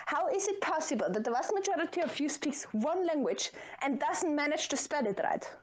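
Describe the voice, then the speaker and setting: Animated woman with a southern German accent. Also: high voice, brisk. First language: Dutch. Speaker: stream guest. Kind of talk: casual chat.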